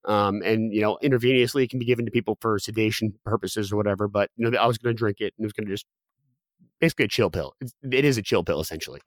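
Young man, quick candid storytelling, lots of fillers, dry close sound. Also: fairly low pitch, no room sound. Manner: candid, many fillers and restarts. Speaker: guest. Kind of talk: personal storytelling.

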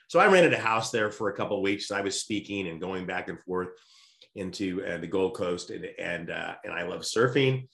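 A low-pitched man tells an animated personal story, stumbling and restarting as he goes. The room around him rings with echo. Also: normal speed, gravelly. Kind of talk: casual storytelling chat. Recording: roomy echo.

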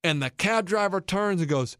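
With a strikingly high voice, a man in his thirties who hosts a podcast animatedly recounts something from his childhood, acting out each character's lines. He talks at a moderate pace in a casual storytelling chat, recorded close-up and completely dry.

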